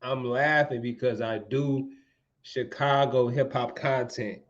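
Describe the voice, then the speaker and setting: A man's voice: medium pitch, steady tone, slow, dull audio. A man who blogs about hip hop, talking loosely on a podcast with casual swearing. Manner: loose, swearing, laughing asides.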